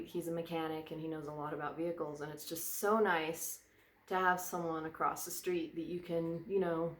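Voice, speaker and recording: A female vlogger with a low-sitting voice talks casually in a reverberant indoor room beside a fireplace. Her chat meanders, drifting from one tangent to the next.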